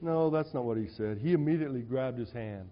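A male preacher delivering a sermon in an animated, conversational storytelling way in a church hall. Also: mid-range voice, brisk. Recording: dull, reverberant hall sound.

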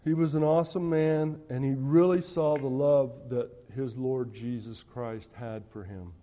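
A male preacher delivering a sermon in an animated, conversational storytelling way in a church hall. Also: medium pitch, measured pace. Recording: dull, reverberant hall sound.

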